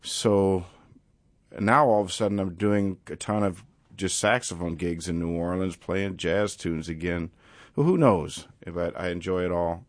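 Deep-voiced man musician, reflective. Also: measured pace, dry recording. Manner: reflective, rambling with restarts. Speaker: musician guest. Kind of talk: casual interview conversation.

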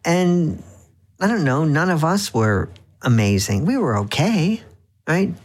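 A man's voice: fairly high pitch, very animated, slow. A man being interviewed as an author on the radio, telling wry anecdotes with frequent restarts. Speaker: author guest.

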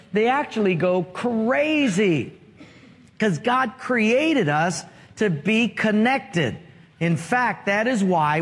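Male pastor, high and unhurried, sermon in a reverberant church. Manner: storytelling, asks the congregation questions. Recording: long reverb of a large hall.

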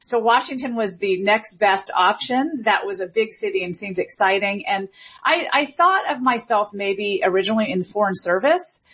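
Husky-voiced woman professor, muffled broadcast. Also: medium pitch, moderate pace, fairly bright tone. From Memphis, Tennessee. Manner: thoughtful, explanatory, with fillers and restarts. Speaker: linguistics professor, guest. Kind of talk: interview conversation.

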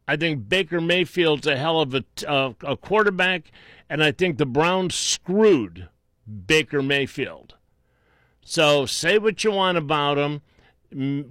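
A man hosting a call-in radio show, talking bluntly with many restarts and quick bursts. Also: on the high side, fairly bright tone, no room sound, studio quality. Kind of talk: talk radio chat.

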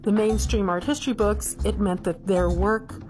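A woman telling how things stood in the art world, in a measured, matter-of-fact way. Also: medium pitch, fairly even intonation, darkish tone, faint music behind. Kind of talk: recounting history in a clip.

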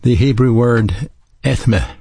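Gravelly-voiced man preaching a sermon. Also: medium pitch, a little slow, dark tone, no room sound. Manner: earnest, teaching, spells out words.

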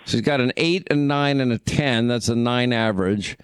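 A man's voice: medium pitch, moderate pace, clean tone, dry recording. A man hosting a call-in radio show, chatting with callers in an affable, teasing way. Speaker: radio talk show host.

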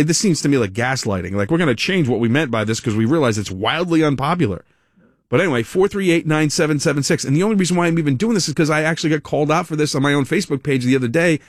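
A man's voice: fairly high pitch, racing, dry recording. American guy on talk radio, sarcastic, keeps rephrasing himself, dry close studio sound. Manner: animated, self-correcting, sarcastic asides. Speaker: radio talk show host. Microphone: studio microphone.

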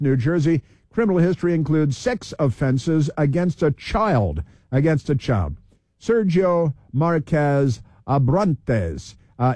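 A male talk radio host speaking in a somewhat high but dark, mellow voice. He sounds heated, repeats phrases for emphasis and rattles through lists. The recording is dry and close. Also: dry recording. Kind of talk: political talk radio commentary.

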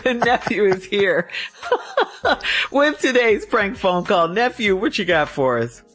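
A man's voice: high-pitched, sing-song, takes it slowly, fairly bright tone, faint music behind. Chuckling male radio host. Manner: chuckling, upbeat. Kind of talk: radio show banter.

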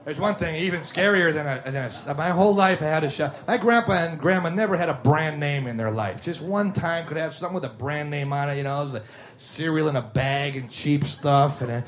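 A man's voice: a little high, brisk, fairly bright tone. Rambling man telling a stand-up story.

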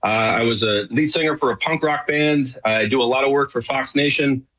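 Man from New York, middle-aged, husky voice, forceful, rambling chat. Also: medium pitch, moderate pace, highs cut off. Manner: chatty, rambling with many fillers. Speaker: guest, show host. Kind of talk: casual radio interview.

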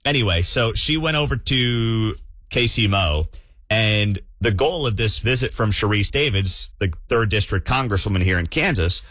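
Sarcastic radio host, lively pitch. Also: male voice, moderate pace, dry recording, clean studio sound. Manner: sarcastic, animated, mocking. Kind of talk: opinionated talk radio commentary. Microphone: studio microphone.

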